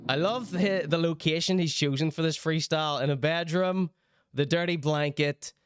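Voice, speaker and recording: A man's voice: fairly high pitch, moderate pace, slight background noise. A young man with a Northern Irish accent, hosting a live stream, reading out chat and commenting in a wry, sardonic, mock-indignant way. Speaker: streamer and show host.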